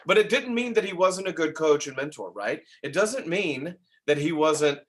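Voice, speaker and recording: A man giving an energetic real estate sales training talk, tossing in tag questions and quick laughs as he goes. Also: on the high side. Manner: energetic, acts out dialogue in quick asides.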